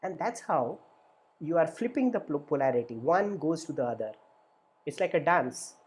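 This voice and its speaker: A man's voice: a little high, expressive, normal speed. Earnest man teaching, lots of "right?". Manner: earnest, repetitive, asks "right?" often; acts out inner voices in quotes. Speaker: therapist and workshop facilitator. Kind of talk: spoken teaching session.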